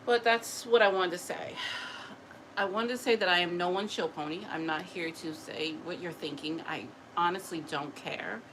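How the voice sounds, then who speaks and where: A woman's voice: on the low side, moderate pace. Chatty tired woman with faint hiss. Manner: chatty, animated, laughs often, acts out other people. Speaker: spiritual messenger. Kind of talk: casual talk to camera.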